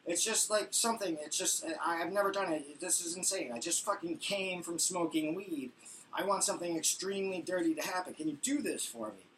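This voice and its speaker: A man voicing an eager, crude young woman who is high and gushing breathlessly. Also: a little fast, fairly bright tone. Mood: giddy. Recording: far from mic, faint noise.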